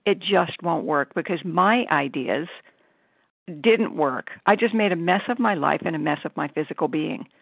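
A woman speaks reflectively at a recovery meeting in a loose, conversational way. Her voice is gravelly with lots of fry. It sounds dry and tinny, like a phone call. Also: fairly low pitch, animated, normal speed, dry recording. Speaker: meeting participant sharing.

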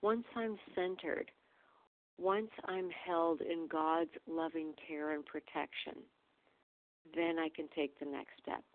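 A woman's voice: sits low, fairly even intonation, slow. Earnest woman on a phone line. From Canada. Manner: earnest, reflective, quotes her own old prayers. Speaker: meeting member sharing. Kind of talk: recovery meeting share. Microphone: phone call.

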